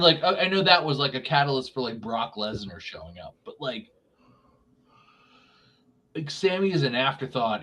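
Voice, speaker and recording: A man talks in a loose podcast chat, ranting hard and swearing freely. He pitches up to mock people and then drops back to a grumble. His voice sits at an average pitch for a man. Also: fairly bright tone. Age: young adult or middle-aged. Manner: profane, ranting, mocks voices. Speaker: podcast co-host. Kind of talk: casual chat. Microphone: remote podcast mic.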